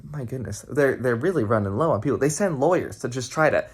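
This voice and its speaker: A young adult man, a camp counselor, telling a campfire story with sound effects and shouts. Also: medium pitch, lively intonation, a little fast, breathy edge.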